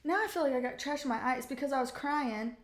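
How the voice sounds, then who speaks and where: A woman's voice: sits high, fast talker. A woman reading tarot cards in a casual vlog, chatty and profane, often laughing at her own stories. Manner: profane, giggly, chatty storytelling. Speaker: tarot card reader.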